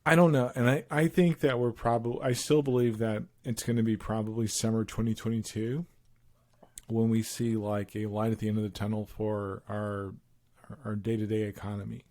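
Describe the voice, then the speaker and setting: A man's voice: fairly low pitch, little pitch movement, normal speed, darkish tone. A man co-hosting a podcast in casual chat, laughing often as he retells stories with animation. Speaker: podcast co-host.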